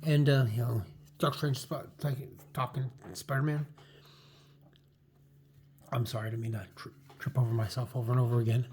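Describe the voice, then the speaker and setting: A man's voice: medium pitch, little pitch movement, fairly quick, long pauses, darkish tone, a little hiss or hum. A man casually talking through an old comic book, rambling with lots of fillers and restarts. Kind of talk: casual chat.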